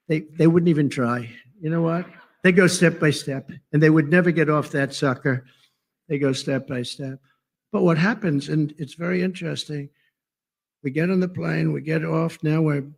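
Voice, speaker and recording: A man's voice: on the high side, gravelly. A man giving a rambling, off-the-cuff political speech at a conference, full of sarcasm and digressions.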